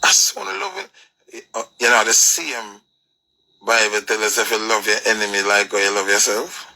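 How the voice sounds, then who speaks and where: Forceful gravelly Jamaican man ranting. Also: fairly low pitch, normal speed, low-quality recording. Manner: preachy, emphatic, rhetorical questions. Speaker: commentator. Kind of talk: ranting commentary.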